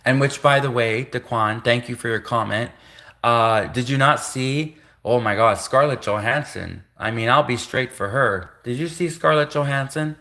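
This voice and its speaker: A man hosting a live stream in a bright, forceful voice. He rambles and repeats himself in a conspiratorial tone. He keeps cutting himself off mid-sentence to correct himself. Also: medium pitch, normal speed. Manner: rambling, repetitive, conspiratorial, self-interrupting. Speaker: livestream host.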